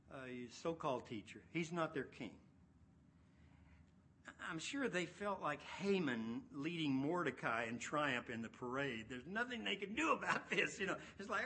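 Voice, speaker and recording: A man preaching an expository sermon, animated, acting out voices and swinging from loud to hushed. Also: on the high side, a little hiss or hum.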